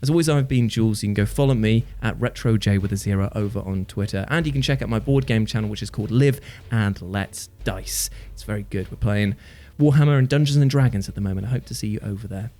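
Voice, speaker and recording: A man hosting a comedic gaming list video, jokey and animated, with a warm, earnest sign-off. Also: fairly low pitch, quick pace. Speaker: host.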